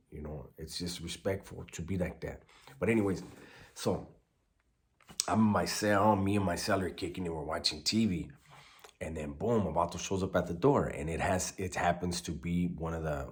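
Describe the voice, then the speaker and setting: Deep-voiced man telling a prison story. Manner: laid-back street slang, sprinkled with Spanish words. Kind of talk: casual storytelling.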